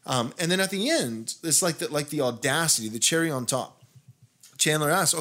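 The voice sits on the high side and moves briskly: an American pastor hosting a podcast and relating a long story casually. He's animated, restarts frequently, and his intensity climbs as he becomes indignant.

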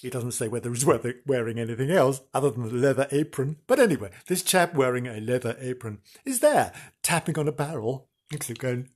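A man's voice: mid-range voice, a little mellow, husky. A man hosting a comic radio-style show in a camp, rambling, mock-dramatic way. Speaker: host.

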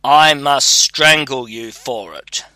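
A man's voice: medium pitch, expressive, slow, no room sound, exaggerated voice. A man reading a storybook voicing a huge, threatening male spirit released from a bottle. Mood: menacing. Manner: loud and threatening.

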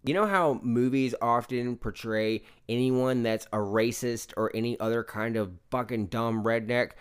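A man's voice: mid-range voice, measured pace, clean tone. A man co-hosting a casual movie review podcast, talking in a loose, profane, enthusiastic way. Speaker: podcast co-host.

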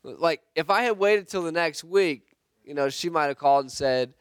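A man leading a church group discussion, telling a story in an earnest, halting way with restarts. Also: a little high, steady tone, clear, resonant tone, no echo.

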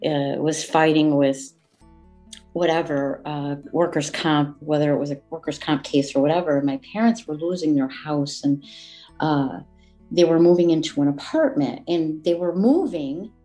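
A woman guest telling a personal family story in an interview, heartfelt and halting, with many fillers and restarts. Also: deep voice, warm tone, faint music behind.

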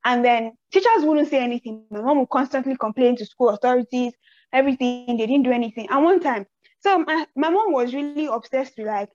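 A young woman with a Nigerian accent hosting a podcast, telling personal stories in an animated way and acting out the people in them. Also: high voice, fairly quick. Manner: animated storyteller who acts out quotes. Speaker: podcast host. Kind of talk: casual chat, personal storytelling. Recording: slightly dull, dry audio.

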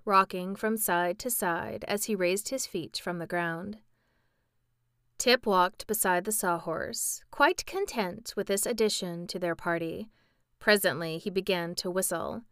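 A woman's voice: medium pitch, a little slow, fairly bright tone, clean tone, no room sound, studio quality. Woman reading a storybook aloud. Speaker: narrator. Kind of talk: audiobook storytelling.

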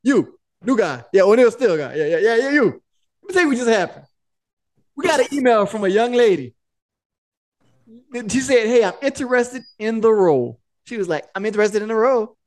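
High-voiced blunt male podcast host. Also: moderate pace, long pauses. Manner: blunt, profane, animated storytelling. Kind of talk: casual podcast chat.

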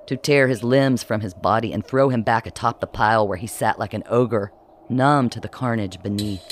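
A man narrating a dark first-person story in a measured, somber way. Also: mid-range voice, a little hiss or hum. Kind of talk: scripted audiobook narration.

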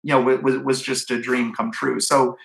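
This mid-range, gravelly voice has a flat delivery at normal speed, and the audio is poor with a roomy sound. The speaker is a middle-aged author from Cleveland, USA, eagerly sharing anecdotes as an interview guest. His speech is full of fillers and false starts.

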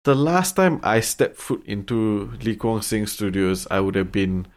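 A man, telling stories in a relaxed, casual podcast chat and swearing freely. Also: on the low side, unhurried. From Singapore. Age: 30s.

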